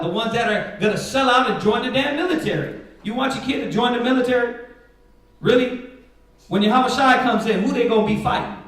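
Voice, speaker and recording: Emphatic preacher man, echoey and distant. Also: sits high. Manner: emphatic, rhetorical questions. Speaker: Bible class teacher. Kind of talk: preaching in a live Sabbath class. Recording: echoey room, far from mic.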